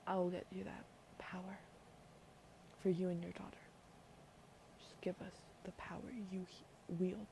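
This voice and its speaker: A woman voicing a determined woman bargaining with a queen, in a hushed whispered role-play. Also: fairly low pitch, level tone, moderate pace, vocal fry, pauses often, slight background noise, rough recording. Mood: tense. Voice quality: hushed, coaxing.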